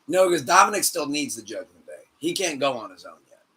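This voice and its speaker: A man hosting a podcast in casual chat, excitable and swearing, laughing often. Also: a little high, a little fast, breathy edge. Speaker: podcast host.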